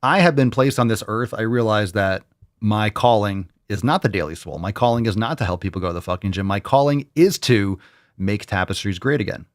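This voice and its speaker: A man's voice: fairly low pitch, brisk, dry recording. Brief: male fitness podcast host, blunt and profane, hypes things up with mock sales talk, dry close sound. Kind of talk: casual podcast monologue.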